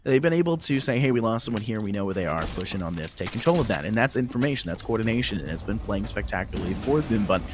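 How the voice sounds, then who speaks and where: A man from the southern United States casting an esports match, chatty and quick to laugh. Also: lowish voice, animated, background noise. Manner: laughs easily, chatty asides. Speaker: esports caster. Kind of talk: play-by-play commentary.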